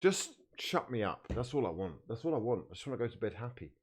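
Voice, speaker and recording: Man, fan streamer, animated and swinging in pitch, swearing through a match watchalong. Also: quick pace, slight background noise. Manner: frustrated, swearing, bursts of shouting at players. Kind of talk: live match watchalong reaction.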